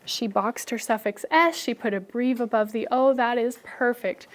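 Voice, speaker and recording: In a classroom full of children, a young adult woman teacher runs a phonics lesson, coaching the kids and making asides to other teachers. Her voice is fairly high and she speaks at a normal speed.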